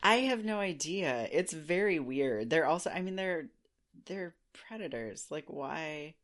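Quick sarcastic man podcasting. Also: fairly high pitch. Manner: quick, animated, sarcastic, swears casually. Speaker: podcast co-host. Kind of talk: casual podcast chat about a book.

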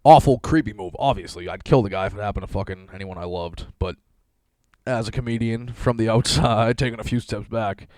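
A man's voice: fairly low pitch, fairly quick, a little mellow, no room sound, clean studio sound. Swearing young man ranting. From Boston area, USA. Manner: loose, rambling, laughing, heavy swearing. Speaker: comedian podcast host. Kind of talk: profane comedic rant.

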